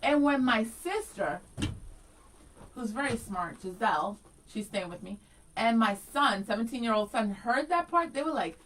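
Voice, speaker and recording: Lively bright-voiced woman co-host. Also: fairly high pitch, normal speed, low-quality recording. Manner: laughs often, reads listener comments aloud. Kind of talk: casual morning show banter.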